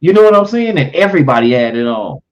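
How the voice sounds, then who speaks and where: A man co-hosting a casual chat show, telling stories and getting animated when he quotes other people. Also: on the high side, fast talker. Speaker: co-host. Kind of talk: casual chat about current events. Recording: dull lo-fi sound.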